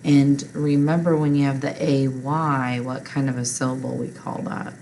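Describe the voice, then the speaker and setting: A woman's voice: extremely low pitch, little pitch movement, moderate pace, warm tone, a little hiss or hum, poor audio. A woman teacher patiently walking learners through a recorded reading lesson step by step.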